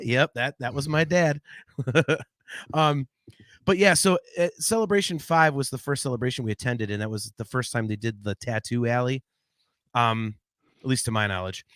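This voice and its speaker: A man in his forties, co-hosting a podcast, who tells family stories in a lively, laughing way and reads out chat comments. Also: mid-range voice, moderate pace, no echo, clean studio sound. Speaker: podcast co-host.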